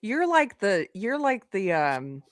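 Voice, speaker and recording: Laughing woman with a lively voice. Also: medium pitch, dry recording, clean studio sound. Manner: laughing, quick reactions. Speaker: guest. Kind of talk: casual livestream chat.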